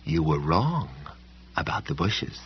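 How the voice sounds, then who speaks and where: A man voicing a tall, sinister man who speaks with a light lisp in a quiet, coaxing way. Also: very deep voice, big pitch swings, breathy edge, lo-fi sound, voice pushed down, full character voice. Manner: quiet, coaxing, slow menace. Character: tall sinister man, soft lisping menace.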